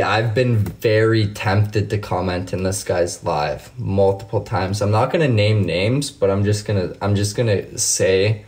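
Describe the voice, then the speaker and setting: A man with a somewhat low voice talks on his own livestream, chatting loosely with viewers and answering their comments. He falls into heated, profanity-laden rants, swearing freely as he goes. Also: a little mellow. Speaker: livestream host. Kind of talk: casual livestream chat, reading comments.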